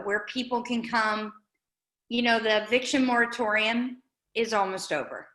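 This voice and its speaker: A woman's voice: on the high side, bright, forceful tone, echoey room, low-quality recording. A woman giving an earnest, conversational update as a guest speaker at a community meeting. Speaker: guest speaker, nonprofit director. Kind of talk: informal update talk at a meeting.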